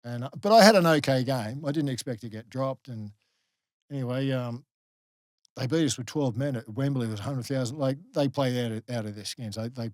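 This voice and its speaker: Aussie bloke telling a long story on a podcast, lots of um and like, dry sound. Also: male voice, mid-range voice, fairly quick, dry recording. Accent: Australian. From Australia. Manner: animated storyteller, many fillers and restarts. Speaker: guest, former rugby league player. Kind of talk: casual storytelling in a podcast interview.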